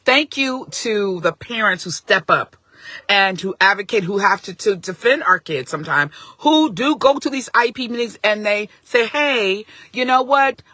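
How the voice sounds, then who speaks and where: A middle-aged woman speaks into her phone on a live stream, her voice bright and forward. The room sound is dry and close. She talks earnestly and with emphasis, often restarting her sentences mid-thought. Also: medium pitch, expressive, normal speed, dry recording. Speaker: parent advocate streaming live. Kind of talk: casual live-stream talk.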